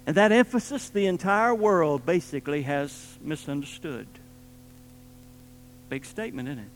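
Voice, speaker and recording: A man preaching a sermon with emphatic delivery, swinging between loud stressed points and quiet low asides. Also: normal speed, soft background music, rough recording.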